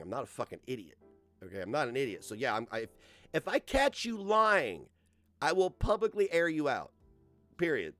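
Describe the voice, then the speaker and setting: A man's voice: mid-range voice, fairly bright tone. A man ranting sarcastically in a reaction commentary, mocking and swearing freely. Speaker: commentary streamer.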